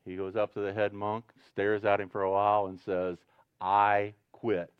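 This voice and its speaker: A man's voice: lowish voice, little pitch movement, brisk, clean tone, dry recording, dull audio. A man preaching a sermon as pastor, talking conversationally and joking with the congregation, then growing emphatic. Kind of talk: sermon with jokes.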